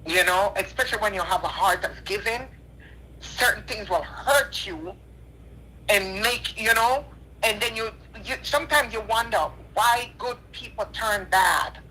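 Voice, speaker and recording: A woman's voice: medium pitch, animated, a little slow, pushed and bright, slight background noise. A tearful woman calling in on a phone line, talking in an earnest, repetitive, preacherly way. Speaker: caller. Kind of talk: emotional call-in apology.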